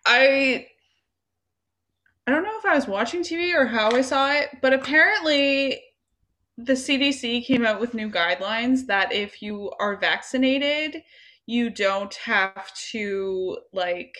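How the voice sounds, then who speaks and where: Chatty bright-voiced young woman. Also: fairly high pitch, a little slow. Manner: rambling, repeats herself, many fillers. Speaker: podcast co-host. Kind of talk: casual chat.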